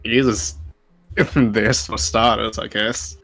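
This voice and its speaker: A man's voice: fairly low pitch, fairly even intonation, drawn-out words, a bit bright. A man speaking in character as a player in a streamed tabletop game, in a hesitant, stop-start way.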